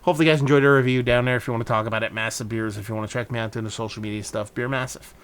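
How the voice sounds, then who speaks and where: A man's voice: medium pitch, fairly even intonation, very fast, clean tone. Loose, swearing beer-review vlogger man. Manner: loose, profane, rambling. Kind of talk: casual beer review vlog.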